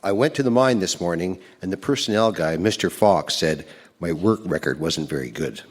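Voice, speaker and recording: A man's voice: low voice, animated, normal speed. An older man on stage, reading his old love letters aloud with wry chuckles. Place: stage in a hall. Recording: echoey hall with noise.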